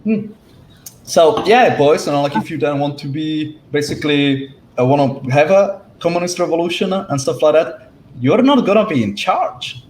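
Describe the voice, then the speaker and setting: A man in a casual discussion, speaking haltingly with many fillers and restarts. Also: fairly high pitch, lively intonation, a little mellow. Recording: echoey room, faint noise.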